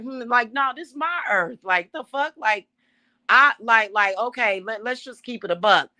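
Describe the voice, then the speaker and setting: A middle-aged woman, a self-styled high priestess, ranting to her viewers in a casual, emphatic and profane way. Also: animated, normal speed, bright, forceful tone, dry recording. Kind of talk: casual spiritual rant to camera.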